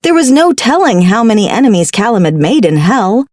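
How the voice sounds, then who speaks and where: A woman's voice: on the high side, big pitch swings, a little fast, a little mellow, no echo. Woman narrating a dry, wry audiobook. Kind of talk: first-person audiobook narration.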